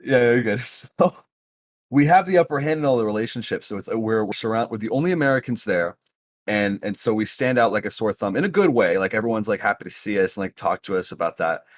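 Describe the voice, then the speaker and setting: A young man co-hosting a podcast, telling a long story in an animated way and laughing often. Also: on the low side, quick pace, dry recording, clean studio sound. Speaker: podcast co-host. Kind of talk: casual chat, storytelling.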